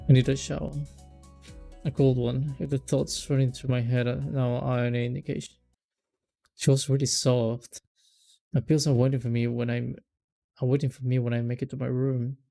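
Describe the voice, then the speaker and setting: A man's voice: medium pitch, gravelly, warm tone. A young man reading a visual novel aloud as a let's play, rereading lines that trip him up and breaking off for casual remarks.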